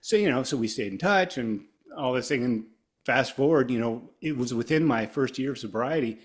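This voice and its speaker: Man, middle-aged, from Ohio, guest guitarist, rambling storyteller, animated quotes, casual interview. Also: medium pitch, moderate pace.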